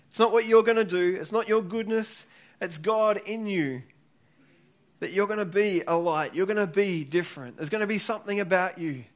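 Pastor guy preaching, pretty high voice, earnest and pushy, keeps repeating words. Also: a bit bright. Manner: earnest, urging, repeats words as he builds each point. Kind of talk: sermon.

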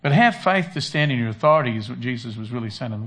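A man's voice: mid-range voice, lively intonation, fast, a bit bright. A man preaching a conversational sermon who acts out prayers and Bible voices. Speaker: pastor.

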